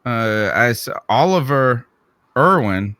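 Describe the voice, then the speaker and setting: A Southern-accented man co-hosts a casual sports podcast, asking questions, posing rhetorical ones, and restarting his sentences in a conversational way. His medium-pitched voice is animated, slow, bright, and forceful. The recording is studio quality with no room sound.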